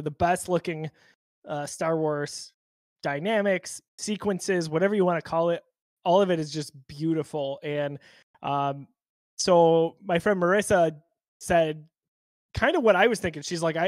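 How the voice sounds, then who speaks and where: A man hosting a podcast in casual chat, thoughtful and halting, with frequent restarts. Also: a little high, dry recording. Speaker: podcast host.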